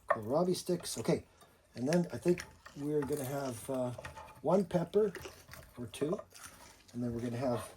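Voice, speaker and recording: An older man, a grandfather, patiently teaching a child to cook step by step and joking along the way in a home kitchen. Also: mid-range voice. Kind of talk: home cooking lesson. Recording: loud background noise, chopping.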